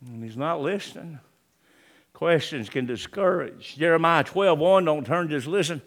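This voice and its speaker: A man preaching a sermon, swinging between loud emphatic lines and hushed ones, and reading scripture in old-fashioned wording. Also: fairly high pitch, normal speed. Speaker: pastor.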